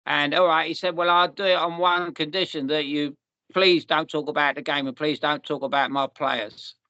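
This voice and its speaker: A man's voice: fairly high pitch, steady tone, normal speed, sharp tone, dry recording, muffled recording. A man, hosting a podcast and telling long rambling stories in a casual chat. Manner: rambling, restarts and repeats, storytelling. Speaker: podcast host.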